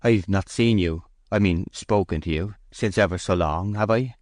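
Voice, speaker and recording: Audiobook: man playing a shy, loyal farm manager, deep, hesitant, dry. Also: moderate pace, darkish tone, no room sound, close to an everyday voice. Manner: hesitant, plain-spoken. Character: shy steadfast male shepherd and farm manager. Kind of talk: audiobook character voice.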